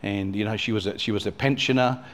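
A man's voice: on the low side, fairly even intonation, fast talker, a bit bright. A man, a pastor telling a personal story in a sermon, rambling with many asides. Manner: rambling, lots of "you know" and restarts.

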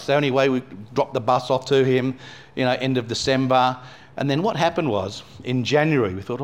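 A man's voice: medium pitch, fairly quick. A man, a pastor telling a personal story in a sermon, rambling with many asides. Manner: rambling, lots of "you know" and restarts.

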